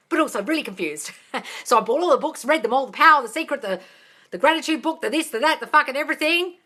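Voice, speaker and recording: On a live stream, a woman in her thirties who coaches manifestation takes questions from her audience, talking freely, laughing often, dropping casual swears and calling people "darling." Her high-sitting voice is animated with a sharp tone, captured through a phone mic.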